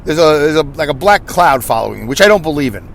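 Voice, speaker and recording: Loud New York man in his fifties. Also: a little high, expressive, fast talker, gravelly, slight background noise. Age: 50s. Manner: loud, rambling, self-deprecating. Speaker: podcast host. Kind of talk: casual monologue.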